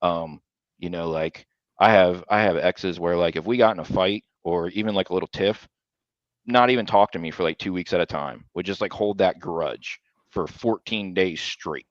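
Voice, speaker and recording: A young man co-hosting a podcast, chatting casually and telling stories with animated asides that mimic other people. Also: sits low, normal speed, no echo, muffled recording. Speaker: podcast co-host. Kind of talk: casual chat.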